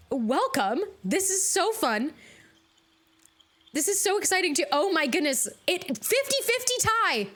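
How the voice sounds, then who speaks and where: A woman streaming a video game live, chatting casually with her viewers, bubbly and quick to laugh. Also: sits high, fairly bright tone. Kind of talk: casual live-stream chat while gaming.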